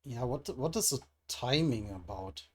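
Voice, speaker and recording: Slow, musing man reading a comic aloud. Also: medium pitch, animated. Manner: musing, hesitant, many restarts and fillers. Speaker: comic readthrough host.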